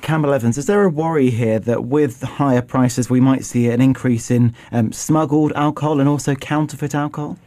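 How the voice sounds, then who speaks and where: Radio host guy, dark mellow voice, super dry studio, pokes at the guests. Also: medium pitch, no room sound. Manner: probing, brisk. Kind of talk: radio debate moderation.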